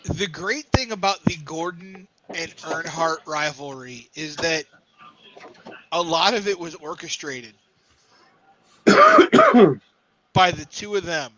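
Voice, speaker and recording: A man's voice: a little high, wildly swooping pitch, takes it slowly, pauses often, pushed and bright. A man co-hosting a podcast, chatting casually about sports with emphatic, teasing remarks. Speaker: podcast co-host. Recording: muffled lo-fi audio.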